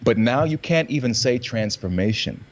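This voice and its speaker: A man talks over a video call in a casual conversation, animated and quick to act out lines and voices as he makes his point. His pitch sits in the middle for a man. The sound is a little dull and lo-fi. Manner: animated storytelling, acts out lines in different readings. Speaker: actor and guest.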